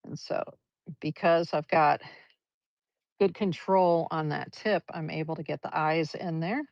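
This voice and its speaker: A woman's voice: deep voice, fairly even intonation, measured pace, creaky, a little mellow, no room sound. A woman leading a live brush painting demonstration, chatty and encouraging as she talks through each stroke. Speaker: art teacher. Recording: dull, lo-fi livestream audio.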